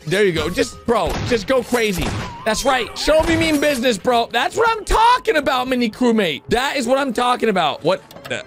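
A young man giving excited reaction commentary on a video, exclaiming loudly and calling his viewers "boys" and "bro". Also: high-pitched. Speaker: YouTuber reacting to an animation.

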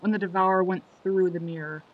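In slightly dull lo-fi audio with faint background noise, a video creator talks casually through a quotes compilation, rambling, losing track, and correcting himself. His high voice holds a steady tone at a slightly fast pace.

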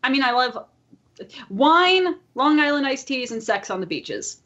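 A woman's voice: high-pitched, big pitch swings, unhurried, fairly bright tone, dull audio. A woman with an upstate New York accent co-hosting a casual podcast, chatting and rambling with fillers. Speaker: podcast co-host.

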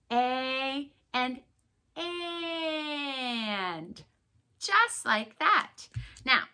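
A young woman teaching letters to small children in an encouraging, sing-song way, slowing down and exaggerating her words. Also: sits high, sharp tone. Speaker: preschool teacher.

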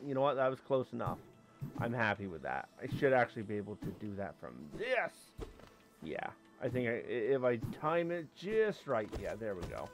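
A man giving casual commentary as he plays a game, talking to the creatures on screen and breaking into sudden yelps and exclamations. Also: medium pitch. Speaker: let's play host.

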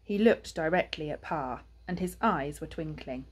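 A woman's voice: low-pitched, moderate pace, breathy edge. A woman with an English accent, a primary school teacher, reading a children's book aloud expressively with chatty asides.

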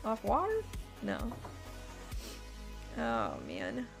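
A young woman streaming a game, excitable, laughing often and swearing freely as she chats with viewers. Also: a little high, extremely slow. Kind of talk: live gameplay chat. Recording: clear music behind her.

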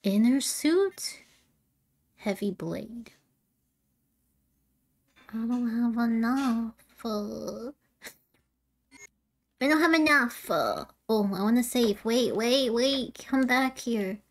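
Slow-talking giggly woman streamer. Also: a little high, animated, a little hiss or hum. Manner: chatty and giggly, thinking aloud. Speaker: streamer playing a video game. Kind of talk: casual let's-play commentary.

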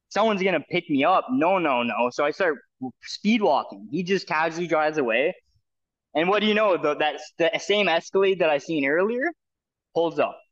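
A man's voice: a little high, fairly bright tone, highs cut off. A man from Canada telling a long personal story in a loose, rambling way, full of fillers and restarts, acting out what others said to him. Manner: rambling, many fillers and restarts, acts out quoted voices. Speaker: guest telling his story. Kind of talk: casual storytelling.

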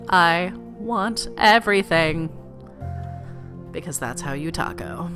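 A woman's voice: fairly low pitch, lively intonation, slow, long pauses, a bit bright. A woman playing a video game, reading its dialogue aloud with playful commentary. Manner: playful, reads characters in varied voices. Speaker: let's play gamer. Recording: faint game music behind.

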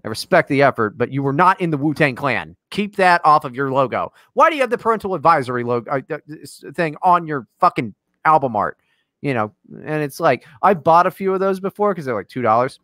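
Animated, profanity-laden male podcast host. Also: fairly high pitch, brisk, no echo, clean studio sound. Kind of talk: casual chat.

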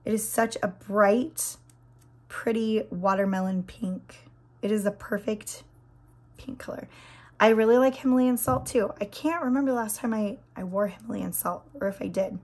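A woman in her thirties with a hoarse, scratchy voice that drops into whispers, chatting and gushing while doing her nails. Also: medium pitch, steady tone, normal speed, darkish tone. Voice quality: breaks into whispers. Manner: chatty, gushing, many fillers. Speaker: nail vlogger. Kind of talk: casual chat while doing a manicure.

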